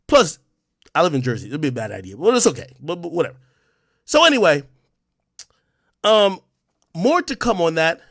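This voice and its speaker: Male streamer host, high voice, loud profane trash talk dropping to low mutters. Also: very animated, normal speed, long pauses, no echo, studio quality. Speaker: livestream host. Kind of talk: ranting livestream talk.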